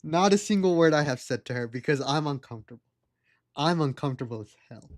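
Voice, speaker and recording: A man's voice: on the high side, lively intonation, fast talker. A young adult man streaming live, telling a rambling story and laughing at it.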